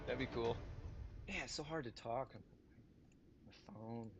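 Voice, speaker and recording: A man's voice: medium pitch, a little slow. A man, casually chatting on a live game stream, rambling, talking to himself and his viewers. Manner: rambling, talks to himself and chat. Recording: dull lo-fi stream audio with music.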